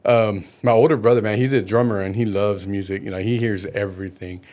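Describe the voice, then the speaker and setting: A middle-aged man, bass player and band manager, telling stories in a casual interview and acting out the people he quotes. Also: fairly quick. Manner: animated storyteller, acts out quoted voices.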